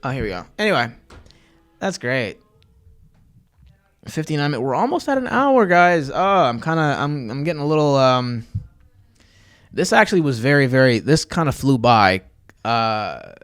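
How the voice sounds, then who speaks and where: Here a young man with a medium-pitched, fairly bright voice is livestreaming his podcast. He rambles casually at his viewers, padding his talk with fillers, drifting onto tangents and pushing his own channels.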